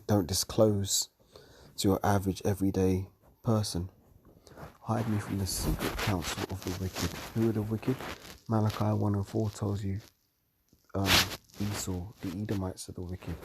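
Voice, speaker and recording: A tired man teaching from the Bible late at night, reading verses aloud and commenting on them slowly. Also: lowish voice, vocal fry, very noisy. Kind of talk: scripture study talk.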